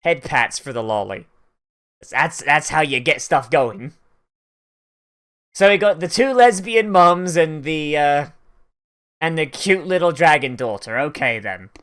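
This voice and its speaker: An anime reaction host gives relaxed watch-along commentary, rambling and leaning heavily on "like" as filler, with laughs mixed in. The mid-range voice is fairly bright with lively intonation, a measured pace, and long pauses.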